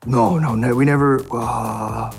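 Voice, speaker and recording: A man with an American accent, a guest actor chatting casually in an interview, laid-back and self-deprecating, getting animated when telling stories. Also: medium pitch, a little slow, vocal fry, soft background music.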